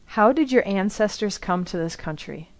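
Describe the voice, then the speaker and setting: A woman asking a series of interview questions in a plain, even manner. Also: medium pitch, moderate pace.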